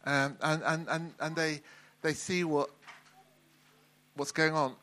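A middle-aged man preaching a sermon in a relaxed, conversational way, often restarting and repeating words. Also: on the high side, slow.

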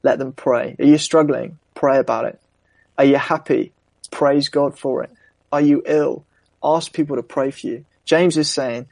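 A man's voice: medium pitch, gravelly, darkish tone, no room sound. A young man preaching a sermon in an earnest, reflective way, mixing scripture with personal stories.

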